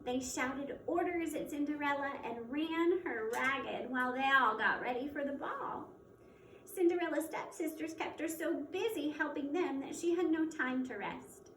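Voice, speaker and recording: A woman teacher reading a children's storybook aloud in an expressive, measured way. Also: high-pitched. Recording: echoey room, mic at a distance, faint background noise.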